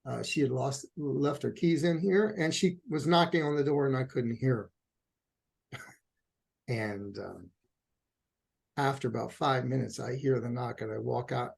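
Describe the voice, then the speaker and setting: A middle-aged man speaks as a couples therapist in a relaxed interview, his voice gravelly and a little husky. He is a lively storyteller who slips into the voices of the people he quotes. His tone sits on the darker, mellow side. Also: medium pitch. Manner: animated storyteller, acts out quotes. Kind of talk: conversational interview answer.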